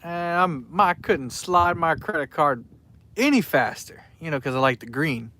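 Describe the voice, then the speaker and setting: A man's voice: a little high, lively intonation, unhurried, pushed and bright. A man, chatting casually on a fishing live stream and reading out viewers' names in a rambling way. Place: outdoors by the water at night.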